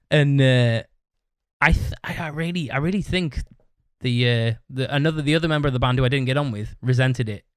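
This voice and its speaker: Man, podcast host, casual monologue, swears constantly, rambling restarts, mid-pitched voice, dry sound. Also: moderate pace, pauses often, clear, resonant tone, no echo. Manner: blunt, heavily profane, rambling with restarts.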